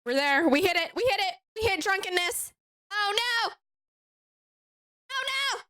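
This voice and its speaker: A woman's voice: extremely high pitch, very animated, unhurried, pushed and bright, no echo, studio quality. A young woman streaming from home, flustered and giggly while she fights a bout of hiccups. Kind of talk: casual livestream chat.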